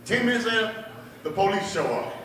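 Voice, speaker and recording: A man's voice: high voice, animated, a little fast, a bit bright, a little hiss or hum. A man telling a stand-up story at a bar open mic, acting out his family members' voices, with audience laughter behind him. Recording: echoey bar room, mic heard from a distance.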